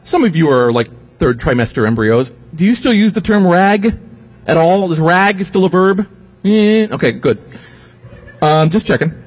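A man speaks to a live audience in a loose, joking lecture, his pitch swinging widely as he mocks and quotes others. His voice is slightly husky, and he swears freely without losing his train of thought. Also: lively intonation, normal speed. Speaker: speaker giving a talk. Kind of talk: profane comic lecture.

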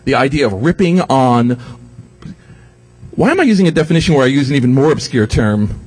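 A man speaks to a live audience in a loose, joking lecture, his pitch swinging widely as he mocks and quotes others. His voice is slightly husky, and he swears freely without losing his train of thought. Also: very animated, fairly quick, a little mellow. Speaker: speaker giving a talk. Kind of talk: profane comic lecture.

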